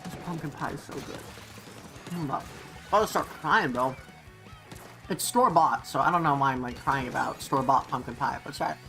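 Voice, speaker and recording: A woman's voice: rumbling low, a little fast, long pauses, a bit bright, soft background music. A young woman streaming a game, chatting casually with her viewers, giggling and eating as she talks. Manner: chatty, giggly, eats while talking. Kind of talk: casual livestream chat while gaming. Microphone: desk mic, no face cam.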